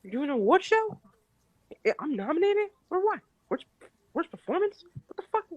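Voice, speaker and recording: A brash male movie star, played by a man, squeals in offended disbelief. The voice sits much higher than the man's own and leaps around. It is all defensive bluster and incredulous protest. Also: sing-song, moderate pace, dry recording, lo-fi sound. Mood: indignant. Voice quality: high, squawky and exasperated.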